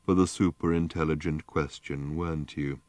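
A man voicing an ancient, rusted, gloomy male robot in an audiobook, with a slow, mournful, self-pitying drone. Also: extremely low pitch, steady tone, a little mellow, no echo. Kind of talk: audiobook character voice.

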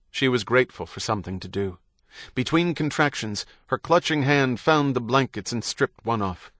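A man narrating a novel in a measured, steady storytelling manner. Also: medium pitch, no echo, clean studio sound. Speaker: audiobook narrator. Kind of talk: scripted narration.

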